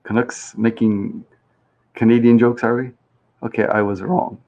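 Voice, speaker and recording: A man's voice: mid-range voice, flat delivery, a little slow, darkish tone, highs cut off. A man hosting a game show live stream, chatting casually and reading out viewer comments. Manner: chatty and rambling, reads chat aloud, plays with pronunciations.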